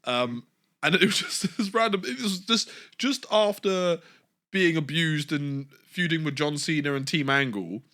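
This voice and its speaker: A young male co-host in an easy podcast conversation. His voice is bright and lively, with a slightly high pitch. He keeps breaking into laughter and drops swear words freely. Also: measured pace. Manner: laughs often, swears, does mocking impressions. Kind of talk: casual chat.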